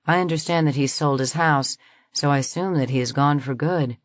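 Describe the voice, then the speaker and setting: A woman's voice: low-pitched, moderate pace, no room sound, lightly acted. A woman voicing a courteous young woman officer answering a call for an airline. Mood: polite.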